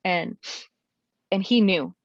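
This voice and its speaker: Woman, young adult, candid storytelling, lots of "like" fillers, medium pitch, slightly muffled dry sound. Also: slow, vocal fry, dry recording. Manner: animated, frequent "like" and "you know" fillers. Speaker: guest sharing her story.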